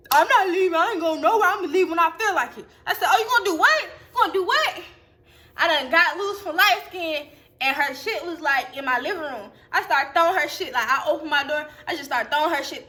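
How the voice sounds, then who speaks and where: A woman speaks to her camera in a high, bright voice, telling a personal story. Her delivery is animated and profane, and she quotes other people as she tells it. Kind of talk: casual storytime vlog. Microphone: phone or webcam.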